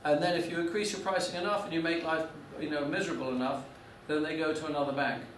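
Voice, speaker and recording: In an echoey lecture room, a man in his 40s tells a class a business story, stumbling through restarts and fillers. His slightly high voice moves at a quick pace with fairly even intonation. There's slight background noise and the mic picks him up from a distance.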